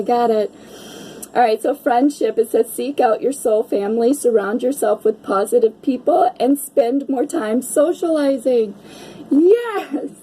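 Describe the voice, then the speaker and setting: Mellow-voiced woman gushing over oracle cards. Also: medium pitch, a little hiss or hum, low-quality recording. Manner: gushing, chatty, peppered with "right?" and mild swearing. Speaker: oracle card reader. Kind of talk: casual card-reading chat to viewers.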